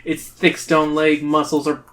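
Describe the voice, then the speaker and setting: A man with a somewhat high voice reads a gamebook aloud to his friends. He lays on drama and playful emphasis, treating the reading like a casual performance. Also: monotone, unhurried, a bit bright.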